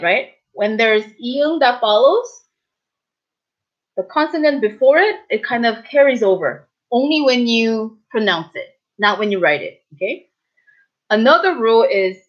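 A woman in her thirties giving a casual spoken lesson as a language teacher, patiently repeating words slowly and checking in often. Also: a little high, animated. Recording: dull, muffled lo-fi audio.

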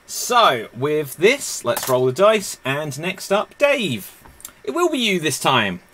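A man's voice: on the high side, very animated, takes it slowly, pushed and bright, slight background noise. A man hosting a live-streamed improv show, chatty and self-mocking.

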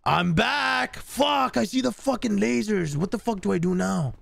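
A streamer voicing a hot-headed Chicano gang member in a game roleplay, yelling and cursing with street slang. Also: male voice, high-pitched, big pitch swings, moderate pace, creaky, no echo, pitched above the performer's own voice, exaggerated voice. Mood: frustrated. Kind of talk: gta roleplay in character.

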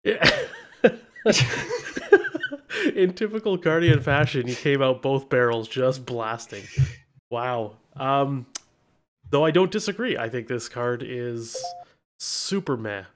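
A man hosting a board-game podcast in relaxed chat, teasing his co-host and laughing often. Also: mid-range voice, slow pace, long pauses.

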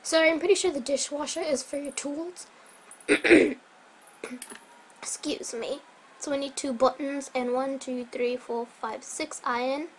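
A woman casually commenting on her gameplay, rambling and correcting herself, sometimes dropping to a soft whisper, her voice a bit strained. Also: high voice, steady tone, measured pace, a little hiss or hum, rough recording. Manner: rambling, self-correcting, chatty. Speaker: Minecraft let's player.

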